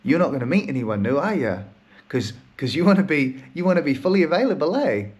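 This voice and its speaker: A man's voice: on the high side, big pitch swings, quick pace, darkish tone, pitched above the performer's own voice. Blunt teasing inner queen, swearing, bossy, played by a man. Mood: probing.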